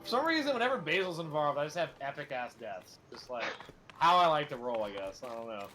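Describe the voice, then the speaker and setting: A man's voice: a little high, very animated, fairly quick, bright, forceful tone, faint music behind. A young man hosting a gameplay stream, chatting casually and rambling through jokes with lots of fillers. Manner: rambling joke-telling with many fillers. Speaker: gaming streamer host. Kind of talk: casual chat while playing.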